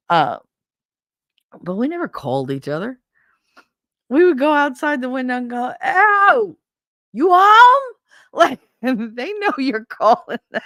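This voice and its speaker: A middle-aged woman with a New York accent telling animated, profane stories in a casual chat as a show host. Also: low voice, no room sound, clean studio sound. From Brooklyn, New York. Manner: animated, profane, acts out neighborhood voices.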